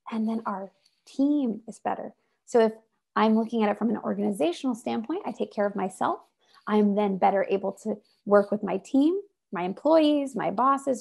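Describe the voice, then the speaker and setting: A woman giving an inspirational talk over a video call, animated and emphatic. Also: on the high side, creaky, slightly rough. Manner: animated and emphatic, acts out voices. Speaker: presenter.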